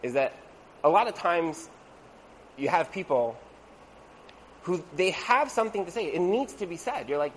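A man giving a storytelling talk to an audience as a religious teacher, conversational and animated, acting out the people in his stories. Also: fairly high pitch, brisk, long pauses, a little hiss or hum, rough recording. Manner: conversational, with frequent "like" and asides.

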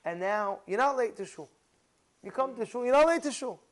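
High-voiced, animated man preaching. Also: brisk, low-quality recording. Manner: animated, emphatic storytelling with rhetorical questions. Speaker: rabbi. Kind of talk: sermon to a congregation.

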